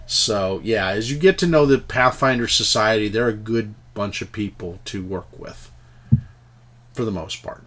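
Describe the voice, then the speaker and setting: A man narrating as game master in a tabletop game, telling the scene in an animated, stumbling way. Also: fairly low pitch, a little slow.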